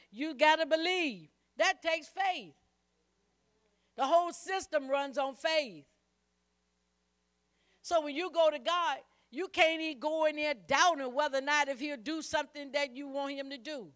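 A woman's voice: high-pitched, fairly bright tone. A woman preacher delivering a sermon, emphatic and repetitive, calling on the congregation to repeat after her. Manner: emphatic, repeats phrases, calls on the congregation to respond.

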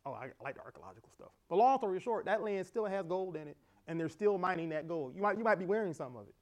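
A middle-aged man, a pastor, preaching an animated sermon with laughter and acted-out dialogue. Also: high voice, fast.

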